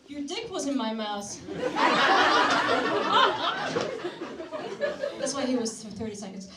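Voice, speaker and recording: A young woman from Syria doing a crude, deadpan stand-up comedy set on a club stage, slipping into mocking put-on voices. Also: high voice, extremely slow, pauses often, very noisy. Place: comedy club stage before a live audience. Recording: roomy club sound from a distance, loud crowd laughter.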